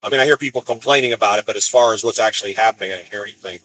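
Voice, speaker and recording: A man's voice: lowish voice, very fast, a bit bright, dry recording, rough recording. A man, a van driver, telling road stories in a rambling, wry way during a live stream from his van. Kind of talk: casual storytelling live stream. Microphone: phone.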